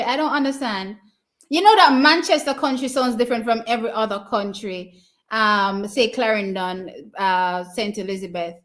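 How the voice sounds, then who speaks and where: Jamaican woman, fairly high voice, chatty stream host calling a race and reacting to chat, excitable. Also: normal speed. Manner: chatty and excitable, cheering teams on. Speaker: live stream watch party host. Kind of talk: casual live race commentary, answering chat.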